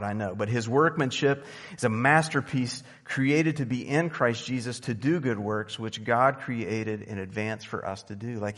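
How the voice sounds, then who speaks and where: A man preaching a sermon in an easy, talky storytelling way, punching some phrases and dropping others to near a murmur. His voice sits at a middle pitch and trails off into the long reverb of a church hall. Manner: conversational storytelling, lively swings between loud and soft. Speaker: pastor. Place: church sanctuary.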